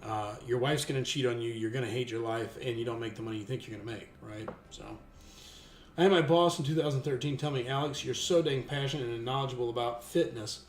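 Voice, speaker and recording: A man in his thirties telling a long, rambling story in casual chat, restarting often and getting lively when he quotes people. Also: mid-range voice, quick pace, slight background noise. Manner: rambling with many restarts, animated when quoting others. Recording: echoey room with faint music.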